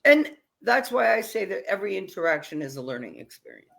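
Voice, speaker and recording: A woman's voice: medium pitch, big pitch swings, a little fast, vocal fry, a bit bright. A woman hosting a casual talk, speaking in emphatic, punchy phrases with blunt, sometimes salty wording. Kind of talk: casual chat.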